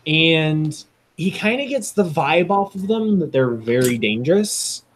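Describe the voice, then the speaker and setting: Lively-voiced man running a tabletop game. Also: a little high, unhurried. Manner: relaxed, chatty, many ums and laughs. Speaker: game master.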